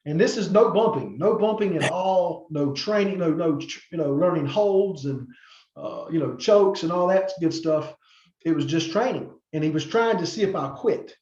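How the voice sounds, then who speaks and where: A middle-aged man tells long stories as a podcast guest, rambling with fillers and restarts. His voice sits fairly high for a man. The sound is roomy and a little muffled. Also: animated, normal speed, darkish tone. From North Carolina, USA. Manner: rambling, many fillers and restarts, acts out quoted people. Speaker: podcast guest, former wrestler. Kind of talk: casual interview storytelling.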